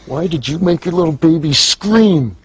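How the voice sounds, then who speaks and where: A man speaking as a baby girl, asking her father over and over in a slow, hushed, pleading way. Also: a little high, lively intonation, breathy edge, full character voice.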